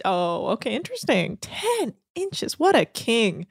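A woman co-hosting a podcast, recapping a reality show in an animated, sarcastic way, laughing and swearing often. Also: on the high side, a little slow, vocal fry, breathy edge, no room sound, studio quality. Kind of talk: casual chat.

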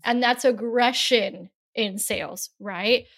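A woman's voice: a little high, creaky, a bit bright. A woman business coach, a guest chatting candidly and often ending her points with a questioning tag. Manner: candid, tags sentences with "right?", quick to laugh. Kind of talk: casual interview chat.

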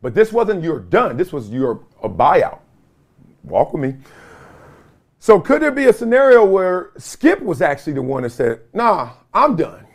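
A man's voice: fairly high pitch, sing-song, normal speed, creaky, a little mellow. A man hosting his own show from his home basement, talking straight to a camera in slangy casual commentary and laughing often. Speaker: podcast host. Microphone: video camera or phone.

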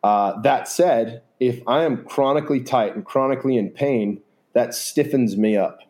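Earnest rambling man, mellow voice. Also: mid-range voice, moderate pace. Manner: earnest, rambling, with many fillers. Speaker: podcast guest. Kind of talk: casual reflective conversation.

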